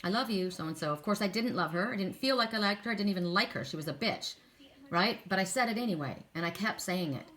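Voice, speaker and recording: A middle-aged oracle card reader chats earnestly in casual spiritual talk, telling stories full of asides and many "you know"s. Her mid-range voice is fairly bright with lively intonation, and she talks fast.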